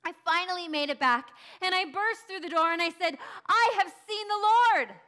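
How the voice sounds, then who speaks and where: A woman acting a grieving early follower in a first-person dramatic monologue, telling it breathlessly and crying out in high bursts. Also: brisk, bright, forceful tone. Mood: wondering. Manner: emotional, breathless storytelling, cries out in high bursts. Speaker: church dramatic monologue performer.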